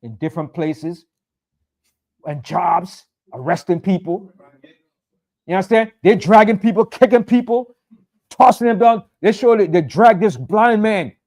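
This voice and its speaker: Man, high voice, preacher, fiery and conversational, repeats his points for emphasis. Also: a little slow, pauses often, darkish tone. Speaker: pastor. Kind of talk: sermon.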